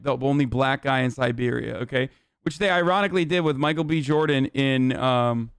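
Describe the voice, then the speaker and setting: A man hosting a stream, reacting in casual commentary, animated and profane, often laughing. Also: mid-range voice, smooth, dry recording, studio quality. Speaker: streamer host.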